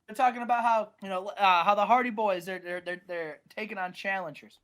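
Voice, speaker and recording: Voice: medium pitch, fairly even intonation, fairly quick, fairly bright tone. Rambling gaming streamer. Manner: rambling, repeats words, stumbles. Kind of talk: casual game recap.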